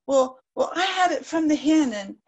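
A woman's voice: high-pitched, lively intonation, normal speed, highs cut off, pitched above the performer's own voice. A woman storyteller voicing a sheepish male hare who stammers defensively and then tries to sound authoritative.

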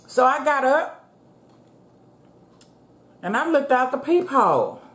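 A woman hosting a casual eating show from her home, chatting to viewers in a relaxed way and calling them "y'all". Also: high voice, slow, slight background noise. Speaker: mukbang vlogger. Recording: roomy echo.

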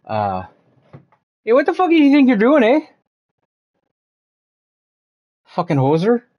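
A man's voice: very high voice, sing-song, quick pace, muffled recording. A man telling a crude, profane comedic story, heard from a played-back video clip.

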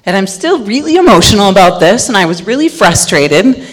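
Loud animated woman speaker in a hall. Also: medium pitch, a little fast. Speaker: conference speaker. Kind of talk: conference talk. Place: large conference hall. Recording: long hall reverb.

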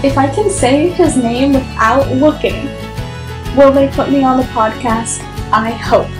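Young woman vlogger, chatty and laughing, slightly high voice; roomy echo. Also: unhurried, over music. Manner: giggly, chatty, lots of fillers and restarts. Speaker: book vlogger. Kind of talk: casual review vlog and bloopers.

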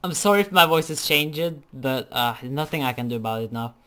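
A woman's voice: extremely low pitch, expressive, a little fast, fairly bright tone, soft background music. Sweary woman playing a game. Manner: sweary and self-deprecating. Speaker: let's play gamer. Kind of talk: casual game commentary.

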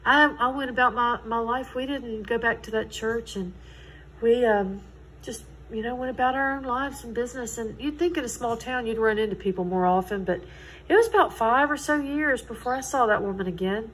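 A woman's voice: fairly high pitch, normal speed, a bit bright, a little hiss or hum, poor audio. Earnest woman telling a faith testimony. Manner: earnest, conversational, quotes others in dialogue. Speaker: Christian testimony speaker. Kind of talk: personal testimony storytelling.

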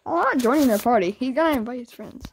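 A woman's voice: on the high side, expressive, fast talker, very noisy. A woman YouTuber arguing and taunting in a game voice chat, exasperated and argumentative. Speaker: gaming YouTuber.

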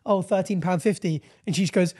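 A young man chatting on a podcast, his fairly high voice bouncing as he acts out little stories. He talks casually and animatedly, putting on voices for the people in his anecdotes. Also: a little fast, mellow, breathy edge. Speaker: podcast co-host. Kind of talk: casual chat.

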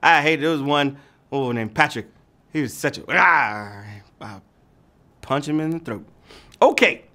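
A man's voice: fairly high pitch, lively intonation, measured pace, pauses often, bright, forceful tone. A man hosting a live trivia game show, playful and teasing, calling players "babies" and tossing off little rhymes. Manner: playful, hyped, sing-song with teasing rhymes. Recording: music bed playing under the voice.

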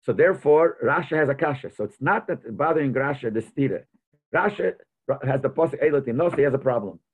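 A man's voice: medium pitch, animated, fast talker, slightly rough. A man teaching a Torah lesson as a rabbi, mixing Hebrew and Yiddish terms into his English and thinking aloud as he explains. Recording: tinny phone-like audio.

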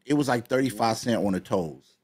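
A man's voice: fairly low pitch, brisk. Give me a rambling man, chatting casually as podcast co-host. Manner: rambling, animated, repeats himself. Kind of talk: casual chat.

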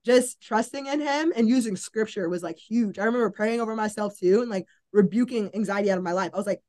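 A woman's voice: medium pitch, fast talker, hardly any pauses, darkish tone. A young woman, a college athlete, telling a personal faith story in a casual, earnest way, often saying "like" and acting out her own past thoughts. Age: young adult. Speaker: college volleyball player, podcast guest.

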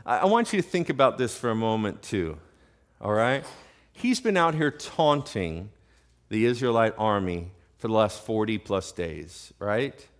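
A man's voice: fairly low pitch, lively intonation, unhurried. Man preaching in a chatty, questioning way. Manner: conversational preaching, asks the congregation questions. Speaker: pastor. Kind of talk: sermon. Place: church sanctuary.

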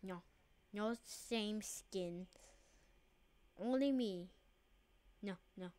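A woman hosting her own channel, giving casual gameplay commentary in a playful way that swings between quiet mumbling and excited outbursts. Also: mid-range voice, drawn-out words, pauses often. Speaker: channel host.

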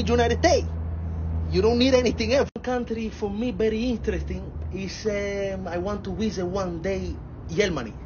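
A man's voice: high-pitched, lightly acted. A blunt, sarcastic immigrant dad with a heavy Spanish accent, played by a man for a comedy skit. He mangles his English while roasting his kid, chuckling at his own jabs. The recording is a little dull, like a phone mic, with a faint hum of room ambience behind it. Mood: boastful. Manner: broken English, sarcastic scolding, chuckling asides. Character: blunt, hot-tempered Latino immigrant dad. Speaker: comedy sketch creator.

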